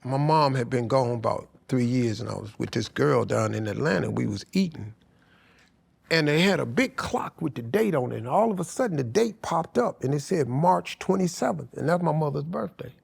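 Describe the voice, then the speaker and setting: A man's voice: mid-range voice, lively intonation, normal speed, vocal fry, breathy edge. A man, a podcast guest telling emotional, slangy stories. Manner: emotional storytelling, slangy and profane. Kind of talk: candid podcast conversation.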